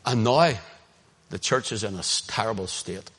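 A man with a Northern Irish accent preaching an impassioned sermon, swinging between loud emphasis and hushed asides. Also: medium pitch, expressive, moderate pace, slightly rough. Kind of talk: sermon, streamed online.

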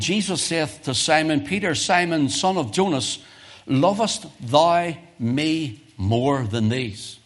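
A man preaching in a church, his voice sitting a little high for a man. He reads scripture in old-fashioned wording and presses questions on his listeners. He climbs loud and high at the big points, then sinks quiet to explain. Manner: emphatic, swells loud and high on key questions, drops soft for explanation. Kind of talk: sermon.

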